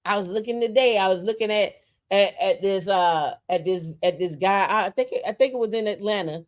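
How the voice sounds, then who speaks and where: A woman's voice: medium pitch, brisk. A woman co-hosting a podcast who rants with passion, repeating phrases for emphasis and stumbling into restarts when heated. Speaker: podcast co-host. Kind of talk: casual opinion talk.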